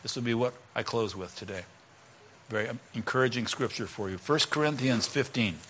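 A middle-aged male pastor giving a conversational sermon, swinging between loud emphatic lines and quiet asides. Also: mid-range voice, moderate pace, slight background noise.

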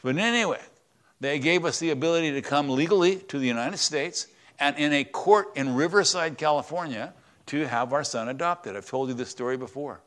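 A man preaching a conversational sermon in a church, swinging between loud, stressed words and quiet asides. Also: on the high side, fairly quick. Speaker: pastor.

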